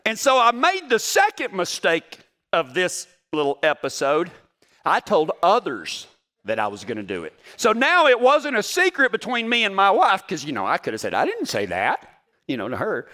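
A man in his forties preaches a storytelling sermon, folksy and full of jokes. His voice sits high and swings widely up and down, with a bright, forceful edge. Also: moderate pace. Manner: folksy, joking, animated storytelling.

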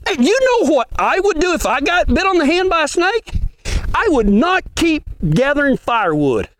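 High-voiced, lively Texan preacher man. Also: normal speed. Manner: folksy, animated, asks the room questions. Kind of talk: sermon. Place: ranch gathering.

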